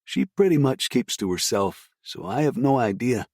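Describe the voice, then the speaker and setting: A man narrating a romance audiobook in first person, terse and even. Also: medium pitch, moderate pace, slightly rough, dry recording, clean studio sound.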